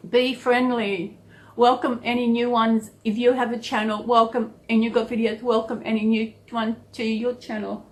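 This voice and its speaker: A chatty Australian woman talking straight to her subscribers in a loose, rambling way. Her voice sits a touch high, and she keeps circling back to thank everyone. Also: flat delivery, normal speed. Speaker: vlogger. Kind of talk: casual chat to camera.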